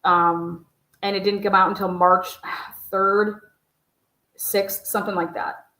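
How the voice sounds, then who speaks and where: A woman's voice: mid-range voice, level tone, slow pace, pushed and bright. A woman giving casual livestream commentary as a true crime YouTuber. She talks in a blunt, profane, rambling way, full of asides. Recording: roomy echo.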